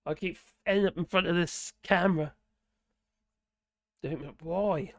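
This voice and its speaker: A man with a Norfolk accent and a hoarse, gravelly voice, chatting casually on a live stream and reading out viewer comments in a rambling, muttering way. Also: sits high, unhurried, no echo, clean studio sound. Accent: Norfolk English. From Norfolk, England. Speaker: livestream host reading chat.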